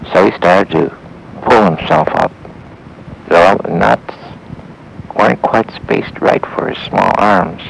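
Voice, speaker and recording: Deep, gravelly-voiced male storyteller. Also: slight background noise, rough recording. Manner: halting, with pauses and restarts. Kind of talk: spoken Christian story for listeners.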